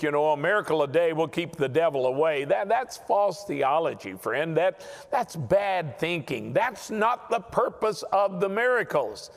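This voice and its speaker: A man's voice: a little high, big-room sound. A man teaching a Bible lesson in sermon style, emphatic and often repeating words as he restarts.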